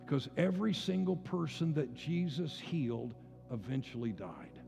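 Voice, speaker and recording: A man in his sixties, a pastor, preaching with passionate rising declarations and quieter storytelling. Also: a little high, very animated, normal speed, gravelly. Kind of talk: sermon. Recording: long hall reverb with faint music.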